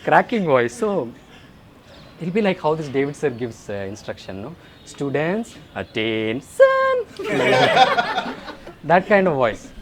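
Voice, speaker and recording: A young man with an Indian English accent doing animated stand-up comedy, slipping into mock voices. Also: fairly high pitch, a little slow, long pauses. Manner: animated storytelling, puts on mock voices for laughs. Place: school alumni event hall. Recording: live room with crowd laughter and background noise.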